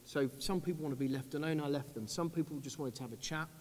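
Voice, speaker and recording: British officer, 30s, earnest panel speaker, slightly high voice, long hall reverb. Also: male voice. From United Kingdom. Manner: earnest, measured, drops low and quiet on grave points. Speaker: army officer on a conference panel. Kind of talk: panel talk. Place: large conference hall.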